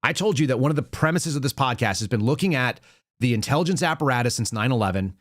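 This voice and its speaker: A man's voice: mid-range voice, animated, fast, a bit bright, dry recording, clean studio sound. A man hosting a political podcast, giving blunt, sarcastic commentary full of rhetorical questions. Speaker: podcast host.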